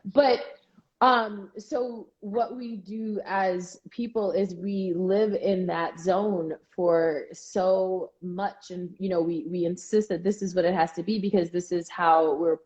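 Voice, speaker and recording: A woman co-hosting a casual chat, talking in quick asides with frequent restarts. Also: on the low side, steady tone, darkish tone, lo-fi sound. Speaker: co-host.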